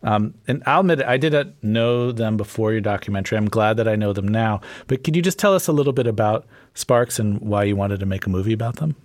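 A man hosting an interview, asking friendly, curious questions in a measured way. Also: on the low side, dry recording, studio quality. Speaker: interviewer host.

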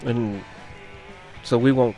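A man co-hosting a music radio show, playful and quick to laugh, tossing in jokey asides. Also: medium pitch, steady tone, dark tone. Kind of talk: casual music chat.

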